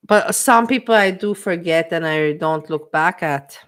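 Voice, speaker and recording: Speaking a little slowly in a voice on the low side, the livestream host is an emotional woman in a casual chat. She tends to repeat things and addresses her viewers' chat.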